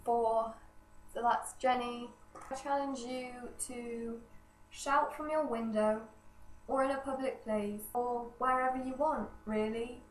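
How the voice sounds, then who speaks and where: A woman's voice: fairly high pitch, steady tone, a little slow. A young woman with a cold, chatting in a rambling, self-deprecating way as a vlogger in a hallway. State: nasal from a cold. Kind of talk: casual vlog chat. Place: indoor hallway outside a bedroom. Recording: echoey hallway, distant camera, faint hiss.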